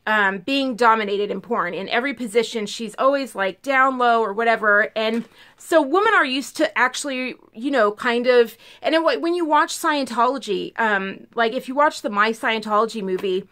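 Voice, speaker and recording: A woman's voice: on the high side, normal speed, pushed and bright. A woman vlogger telling a story in a casual, emphatic way, full of "like". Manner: chatty, peppered with "like", emphatic.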